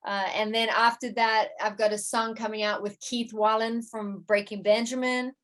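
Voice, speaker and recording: Interview guest: woman, slightly high voice, casual and stop-start. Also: level tone, fairly bright tone. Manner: halting, many restarts and fillers. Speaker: musician and producer, interview guest.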